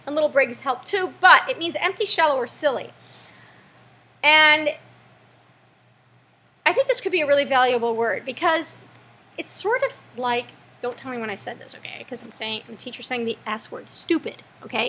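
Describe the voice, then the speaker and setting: A young American woman, an English teacher, running a vocabulary lesson with playful, jokey asides and a slightly breathy voice. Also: sits high, lively intonation, moderate pace, bright, forceful tone.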